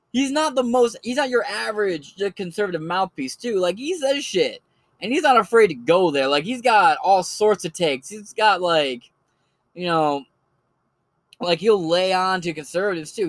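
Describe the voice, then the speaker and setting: A man talks through his picks in a loose, off-the-cuff solo podcast. His voice sits a bit high for a man, and he rambles and swears freely. The recording is close and dry, with no room sound at all. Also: no echo. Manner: rambling and profane, with many fillers. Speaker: podcast host recommending creators. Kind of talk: casual solo commentary.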